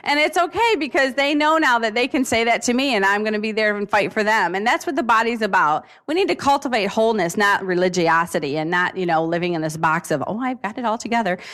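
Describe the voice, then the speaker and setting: A woman youth minister speaking at a conference in a chatty, earnest way. She talks at a middle pitch, loose and conversational, with plenty of fillers. Her delivery is heartfelt and informal. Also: quick pace, hardly any pauses, fairly bright tone. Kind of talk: conference talk.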